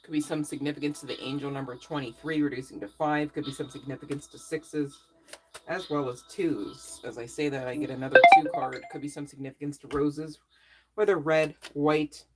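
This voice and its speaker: A woman's voice: low voice, steady tone, fairly quick, darkish tone, soft background music, low-quality recording. A woman reading tarot cards in a casual, chatty way, with playful asides and frequent "okay?" check-ins. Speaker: tarot reader.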